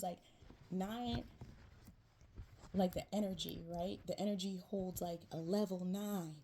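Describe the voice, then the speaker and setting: A woman's voice: fairly low pitch, gravelly, dark tone, a little hiss or hum. A woman giving a casual tarot reading to her viewers, chatty and slangy, checking in with "right?" again and again. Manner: chatty, repeats "right?" and "you know", slangy "man" and "yo". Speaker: tarot reader. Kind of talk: casual spiritual reading to camera.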